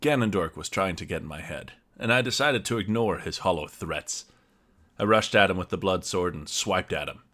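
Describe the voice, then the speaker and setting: A man's voice: low-pitched, moderate pace. A man narrating his character's actions in first person as a player in a tabletop story game. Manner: steady, descriptive narration.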